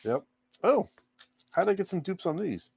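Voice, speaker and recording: A man's voice: high-pitched, sing-song, normal speed, gravelly, a little mellow, breathy edge, dry recording. A laid-back man co-hosting a casual chat, unboxing and showing items while playing along with jokes. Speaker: co-host.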